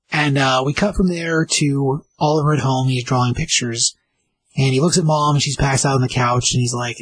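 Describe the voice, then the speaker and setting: A man's voice: mid-range voice, slightly rough, no echo, low-quality recording. A man casually recapping and reviewing a comic book issue, rambling with many fillers. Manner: rambling, filler-heavy retelling.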